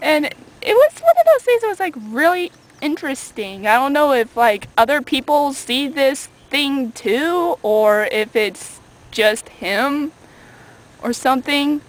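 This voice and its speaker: A woman's voice: sits high, animated, unhurried, poor audio. A young woman vlogging outdoors from a small boat on a lake, talking through a rambling, chatty rant into a handheld camera. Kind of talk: casual video rant.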